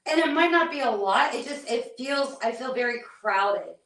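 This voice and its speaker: A woman's voice: a little high, lively intonation, a bit bright, recorded from a distance. Hesitant woman medium in an echoey room. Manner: halting, hesitant, restarts and relays what she hears. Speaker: psychic medium on a paranormal investigation. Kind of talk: live on-site spirit readings.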